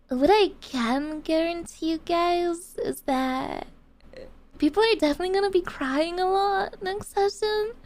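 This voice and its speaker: With a very high-pitched voice that carries a darkish tone, a young woman VTuber talks casually to her stream. Her chat is full of swearing and gamer slang, and she flips back and forth between giggles and rants.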